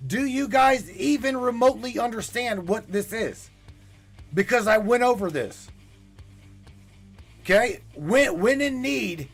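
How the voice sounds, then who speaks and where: A male podcast host ranting with urgency, pleading and swearing, repeating himself as he goes. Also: extremely high pitch. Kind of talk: impassioned livestream rant.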